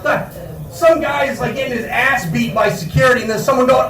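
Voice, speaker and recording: A man's voice: very high voice, fairly quick, fairly bright tone, roomy sound, far from the mic, poor audio. A man hosting a comedy night in a bar, doing stand-up with a rambling, self-correcting delivery.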